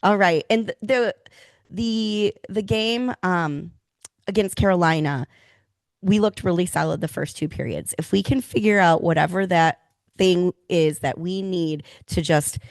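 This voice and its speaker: A woman co-hosting a podcast, chatting casually and telling stories with animated enthusiasm. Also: lowish voice, measured pace, no room sound. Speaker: podcast co-host. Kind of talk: casual chat.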